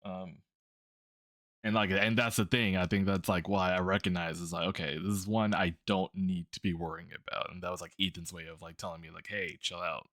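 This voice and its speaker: A man's voice: low-pitched, level tone, a little fast, fairly bright tone, dry recording, clean studio sound. A man streaming while drawing, chatting casually about a tabletop game character, rambling with lots of fillers, restarts and laughs.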